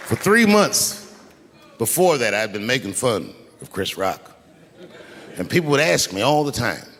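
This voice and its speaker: Animated stand-up comedian in a roaring arena. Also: male voice, medium pitch, unhurried, long reverb tail. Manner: storytelling with sudden loud acted-out outbursts. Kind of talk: stand-up routine. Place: large arena stage. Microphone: handheld stage mic. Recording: live arena with roaring crowd.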